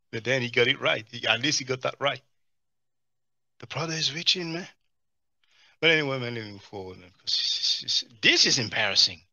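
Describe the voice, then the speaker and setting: A man's voice: medium pitch, moderate pace, long pauses, no room sound, studio quality. A man hosting a live stream, reading chat and mocking the video clips he plays. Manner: mocking, animated, answers chat comments.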